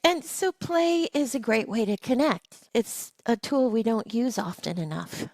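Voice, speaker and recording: Slow-speaking higher-voiced woman host. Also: expressive, dry recording. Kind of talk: casual chat.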